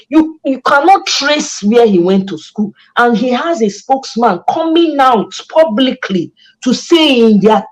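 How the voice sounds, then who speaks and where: A woman's voice: a little high, darkish tone, low-quality recording. A Nigerian woman hosting a casual chat, passionate and emphatic, mixing Pidgin and English. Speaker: host.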